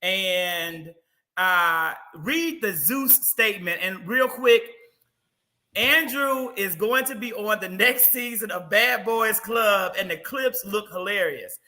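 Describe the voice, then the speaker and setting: A man guest-hosting a casual chat show, animated and teasing in quick banter. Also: high-pitched, soft background music. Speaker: guest host.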